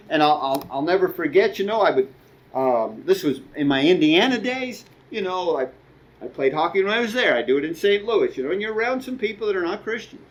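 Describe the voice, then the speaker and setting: A man's voice: high voice, rough recording. A middle-aged man preaching a sermon as a guest speaker, conversational, with asides and quoted dialogue.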